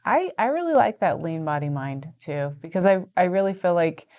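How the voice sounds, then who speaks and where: A woman's voice: on the low side, lively intonation, normal speed, mellow, highs cut off. An American woman co-hosting a casual live stream, chatting and reading viewer comments aloud with frequent laughs. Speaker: co-host of a company live stream.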